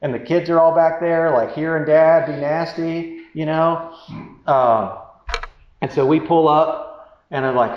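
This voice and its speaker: A man speaking in a candid, self-deprecating way, rambling through a personal story with lots of fillers. His voice sits at an ordinary pitch and is recorded in a roomy space. The sound is dull, with faint background noise. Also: measured pace. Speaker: speaker giving relationship advice. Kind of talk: casual storytelling talk.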